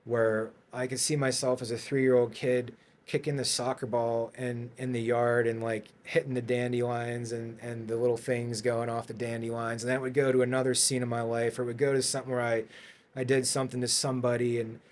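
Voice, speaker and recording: A man's voice: medium pitch, flat delivery, a little fast. Rambling man telling a story. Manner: rambling, many fillers and restarts. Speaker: podcast guest. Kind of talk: casual storytelling. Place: podcast studio.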